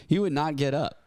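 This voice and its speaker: A young man co-hosting a comedy podcast, jumping in with quick mocking remarks. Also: fairly high pitch, darkish tone, smooth, no room sound, clean studio sound. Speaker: podcast co-host. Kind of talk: casual comedic chat.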